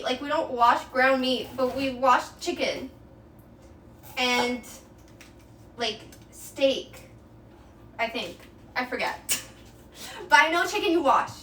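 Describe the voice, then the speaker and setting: A young Québécoise woman, a native French speaker with a Québécois accent, giggles and chats casually with her viewers while cooking on a livestream from her home kitchen. Her voice is high-pitched and fairly bright, with slight background noise. The mic sits at a distance, so the kitchen sounds echoey.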